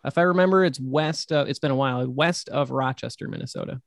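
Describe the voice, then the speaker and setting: A man's voice: mid-range voice, fast talker, creaky, no echo, studio quality. A man, a horror author and podcast guest, telling rambling stories in casual chat and swearing casually.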